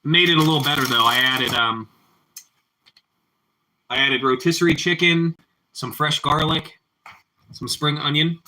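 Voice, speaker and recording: Male livestream host, bright forward voice, casual kitchen chat, repeats himself. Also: a little high, measured pace, long pauses. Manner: relaxed, answers viewer chat, often repeats his phrases. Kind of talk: casual chat while cooking. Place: home kitchen.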